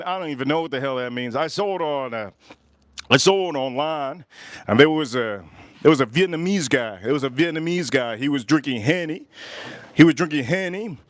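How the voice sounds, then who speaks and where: A man's voice: mid-range voice, no echo. An American man hosting a casual live stream at his backyard grill, rambling and repeating himself with lots of fillers. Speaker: livestream host.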